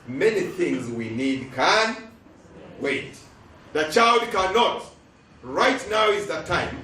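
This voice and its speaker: A man's voice: mid-range voice, fairly bright tone, slight background noise. A middle-aged man with a Ugandan English accent gives an emphatic address and has the audience finish his lines. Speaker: guest speaker, lecturer. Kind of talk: preaching address with call-and-response. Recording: echoey hall, voice from far off.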